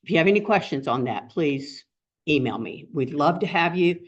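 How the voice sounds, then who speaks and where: A woman's voice: low voice, animated, moderate pace. A woman hosting a group meeting, introducing the guest speaker in a rambling, heartfelt way with many fillers. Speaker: meeting host and co-founder. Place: meeting room with an audience. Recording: dull lo-fi recording.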